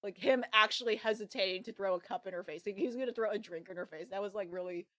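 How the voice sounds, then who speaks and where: A woman's voice: medium pitch, fast, dry recording. A woman co-hosting an anime podcast, talking in a loose, rambling way full of "like" and restarts. Her voice sits in a middle range and is recorded dry and close, with little room sound. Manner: rambling, filler-heavy, animated. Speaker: podcast co-host. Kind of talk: casual chat about anime.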